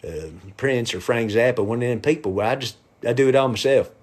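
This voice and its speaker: A middle-aged man talks off the cuff to his live-stream viewers, loose and irreverent. His pitch sits in the ordinary middle range, and at times he drops into a hushed whisper. He sounds like he is recorded at home on a phone or webcam mic. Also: a little fast. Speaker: musician and comedian streaming live.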